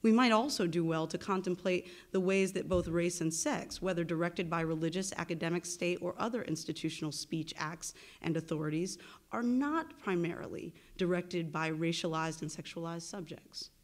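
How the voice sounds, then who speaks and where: A woman with a slightly low voice delivers a formal university lecture, reading from a prepared academic text. She speaks in a measured, deliberate way and now and then stops to correct herself. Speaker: visiting lecturer and research associate.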